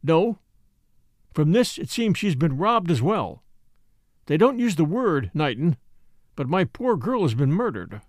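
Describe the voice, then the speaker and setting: A man voicing a gruff, commanding middle-aged millionaire father in an audiobook, talking bluntly and curtly. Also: on the high side, sing-song, measured pace, pauses often, dry recording, studio quality. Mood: curt, urgent.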